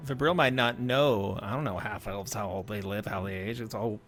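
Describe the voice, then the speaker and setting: A man's voice: on the low side, moderate pace, crowd noise. A man playing a tabletop game, bantering casually and offhandedly with the table. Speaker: player.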